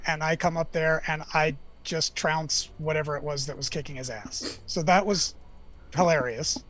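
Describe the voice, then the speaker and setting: A man in a casual chat about his tabletop game, telling a story hesitantly with many pauses and filler sounds. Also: fairly high pitch, steady tone, fairly bright tone. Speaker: player.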